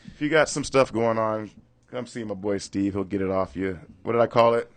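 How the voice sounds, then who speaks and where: A man's voice: lowish voice, a little fast, crowd noise. A man hosting a casual radio talk show, telling a story in a laid-back way.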